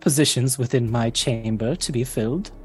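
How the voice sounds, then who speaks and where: A regal ant queen with a high, lilting voice, gracious and delighted with everything, as a woman puts her on. She talks like royalty in a tabletop game, pleased and a little giggly. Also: normal speed, faint music behind.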